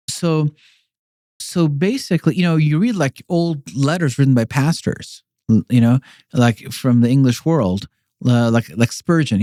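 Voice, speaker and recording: A man's voice: medium pitch, dark tone, no room sound, studio quality. A man talking as a podcast guest, rambling through his ideas with many fillers and restarts. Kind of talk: casual explanatory conversation.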